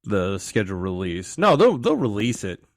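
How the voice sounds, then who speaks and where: A man's voice: fairly low pitch, wildly swooping pitch, normal speed, no room sound, studio quality. A man hosting a casual podcast, asking leading questions in an offhand way. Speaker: podcast host.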